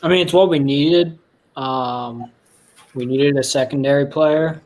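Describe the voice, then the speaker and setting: A man in a casual sports podcast chat, halting and repeating points. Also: mid-range voice, darkish tone.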